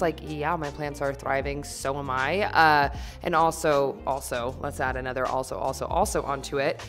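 A woman DIY vlogger narrating in a chatty, candid voice-over with self-deprecating asides. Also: sits low.

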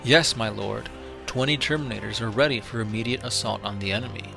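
A man reading the part of a dutiful soldier captain giving brisk replies. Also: on the low side, creaky, over music.

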